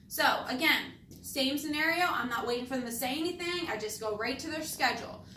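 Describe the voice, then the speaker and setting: A woman's voice: sits high, brisk, hardly any pauses, sharp tone, a little hiss or hum. A woman teaching insurance appointment setting, acting out phone scripts and stressing key words on purpose. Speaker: insurance sales trainer. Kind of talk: training talk with demonstrated phone scripts. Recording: echoey room, voice from a distance.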